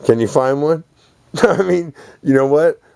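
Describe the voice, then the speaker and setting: A man's voice: fairly high pitch, unhurried, vocal fry, darkish tone, clear, resonant tone, no room sound. A man delivering a rambling, profane, boastful monologue, laughing between phrases.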